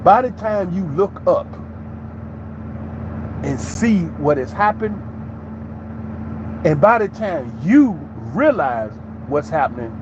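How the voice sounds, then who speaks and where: A man's voice: high-pitched, sing-song, takes it slowly, pauses often, noisy background. Emphatic preachy man, dull lo-fi sound. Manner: emphatic and preachy, with many rhetorical questions. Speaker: commentary channel host. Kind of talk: opinionated commentary monologue.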